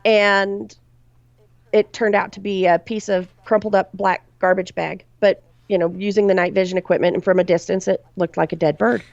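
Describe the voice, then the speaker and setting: A woman recounts a haunting from her investigations, dropping her voice low on the chilling details. The recording is dull and lo-fi, with a dry, close sound. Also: flat delivery, moderate pace, vocal fry, no echo. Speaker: paranormal investigator guest. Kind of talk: storytelling in a podcast interview.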